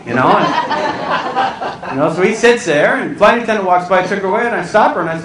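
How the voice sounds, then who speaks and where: Male comic keynote speaker, high lively voice, story-driven stand-up, recorded from afar in an echoey hall with room noise. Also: fairly quick, recorded from a distance, crowd noise. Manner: animated, acts out voices, squeals and cries out for comic effect. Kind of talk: stand-up storytelling to a live audience. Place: large hall with a live audience.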